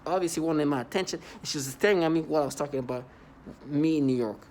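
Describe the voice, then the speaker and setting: A man's voice: fairly high pitch, fast, darkish tone, a little hiss or hum. A man in a rambling, scornful monologue to his viewers, repeating himself and breaking into mocking laughter. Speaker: vlogger. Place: New York City.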